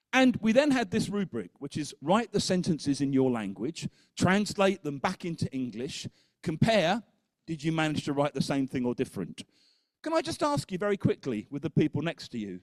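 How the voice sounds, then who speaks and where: A man's voice: fairly high pitch, no room sound. Man giving a talk at a teachers conference, keeps asking okay?, dry close sound. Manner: lively storyteller, keeps checking in with "okay?".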